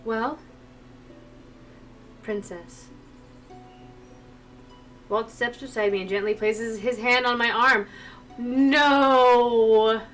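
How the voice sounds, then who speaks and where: A woman's voice: fairly high pitch, steady tone, brisk, few pauses, sharp tone. A woman streamer reading a visual novel aloud, breaking off into emotional, chatty asides to her viewers, from a distant mic with faint music behind.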